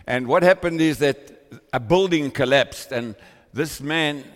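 A pastor preaches to his congregation in a church hall, praying and telling stories with fervor that keeps building. His voice is a little high and unhurried, picked up by a stand-mounted microphone with a big-room sound.

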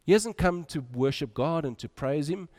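A man preaching a sermon, moving between loud urging and quiet, soft drops. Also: a little high, animated, normal speed.

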